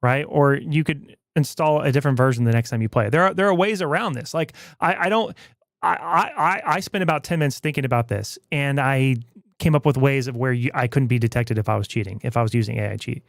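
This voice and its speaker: Gravelly, chatty man streaming. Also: mid-range voice, fast talker, no room sound, studio quality. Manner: rambling, restarts often, jokey and skeptical. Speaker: streamer host. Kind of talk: casual stream chat.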